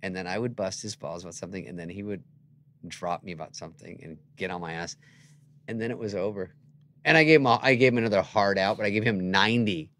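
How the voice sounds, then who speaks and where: A man's voice: sits low, fast talker, fairly bright tone. A man guesting on a talk show, telling wry, mocking stories and acting out both sides of the conversations. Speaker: comedian guest. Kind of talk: casual anecdote telling.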